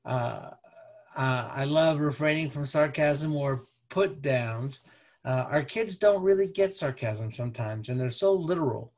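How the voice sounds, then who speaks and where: A man presenting a parenting lecture over slides, talking in a conversational, halting way with many restarts. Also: medium pitch, a little mellow. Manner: conversational, halting, peppered with "you know".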